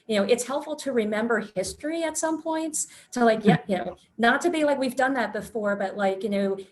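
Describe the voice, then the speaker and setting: A woman's voice: on the high side, animated, a little fast, low-quality recording. A woman in financial services talking things through on a video call, with frequent fillers as she thinks aloud. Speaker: meeting participant in financial services. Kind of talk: casual video-call discussion.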